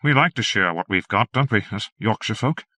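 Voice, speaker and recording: A bashful, awkward young man stumbles over his words in this storybook reading, voiced by a man narrating. His voice is raised above the reader's own low tone. The sound is dry and close. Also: lively intonation, pushed and bright, dry recording. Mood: nervous. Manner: halting, nervous.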